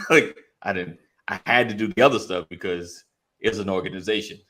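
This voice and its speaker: A man's voice: on the low side, moderate pace, bright, forceful tone. A man co-hosting a casual faith talk, reading listener comments and constantly affirming with "right".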